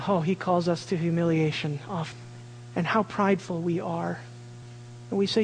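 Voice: mid-range voice, steady tone, measured pace, pauses often, long reverb tail, slight background noise, rough recording. A preacher giving a sermon, telling a family story and acting out the voices of the people in it.

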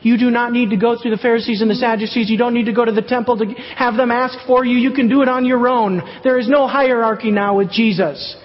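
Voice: mid-range voice, fairly even intonation, quick pace, few pauses. A Bible teacher working verse by verse, reading passages aloud and then asking rhetorical questions and answering them. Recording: dull, echoey hall recording.

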